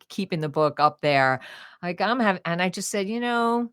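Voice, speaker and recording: An older woman, a grandmother and audiobook narrator, talking in a podcast interview with an expressive storytelling manner that acts out the things people say. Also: mid-range voice, normal speed, clear, resonant tone, dry recording, clean studio sound. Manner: expressive, animated storytelling with acted-out quotes. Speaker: guest author and audiobook narrator.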